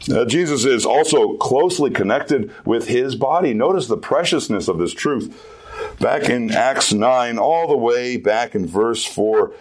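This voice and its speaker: A man's voice: medium pitch, lively intonation, a little slow, slightly rough. A man giving a youth sermon as pastor, earnest and emphatic, repeating key phrases for weight.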